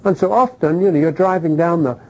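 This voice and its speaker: A middle-aged man preaching a sermon, animated, throwing rhetorical questions at the congregation and checking in with "okay?". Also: on the high side, fairly quick, muffled recording.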